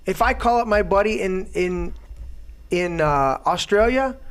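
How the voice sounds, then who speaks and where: A man's voice: high-pitched, lively intonation, unhurried, clean tone. A man hosting his own talk show, delivering an indignant, profane rant. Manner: loud, indignant, heavy swearing. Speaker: host.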